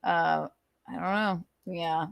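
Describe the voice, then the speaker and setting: A woman's voice: fairly low pitch, steady tone, slow, gravelly, clean tone, dry recording. A woman hosting a casual livestream, talking animatedly with frequent laughs and restarts. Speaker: livestream host.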